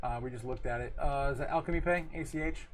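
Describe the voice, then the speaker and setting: A man's voice: mid-range voice, quick pace. A man hosting a casual livestream, rambling loosely, reading viewer comments aloud and laughing often between lines. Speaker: livestream host.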